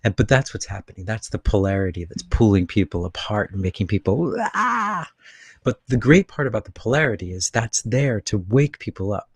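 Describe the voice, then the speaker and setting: A man hosting a live spiritual channeling session, talking casually from his room in a rambling way with many fillers and animated bursts. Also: fairly low pitch, a little fast, hardly any pauses, husky, no room sound. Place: his room with air conditioner on.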